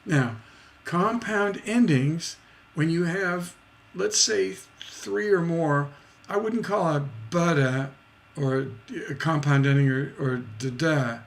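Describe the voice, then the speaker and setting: A man's voice: fairly high pitch, takes it slowly, gravelly. A man teaching songwriting in a livestreamed lesson, scatting syllables to show rhythm and checking in with "right?".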